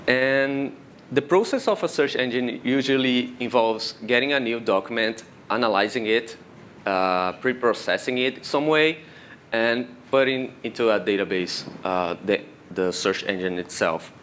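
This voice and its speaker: A man's voice: mid-range voice, measured pace, slight background noise. A man from Brazil with a Brazilian accent and Portuguese as his first language, giving a technical conference talk that walks step by step through how things work. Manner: explanatory, steady walk-through of technical steps. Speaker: conference speaker. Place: conference room.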